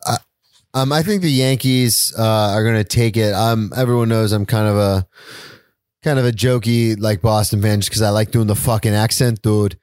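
A man co-hosting a casual sports podcast, giving his picks in a relaxed, hesitant way with many uhs and ums. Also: fairly low pitch, normal speed, dry recording, studio quality. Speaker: podcast co-host.

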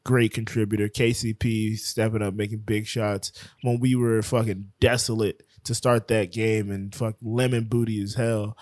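A man's voice: lowish voice, level tone, normal speed, few pauses, a little mellow, no echo, studio quality. Laughing man talking sports on a podcast. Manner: loose and joking, laughs often, trails off and restarts. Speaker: podcast co-host. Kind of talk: casual sports chat. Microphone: podcast microphone.

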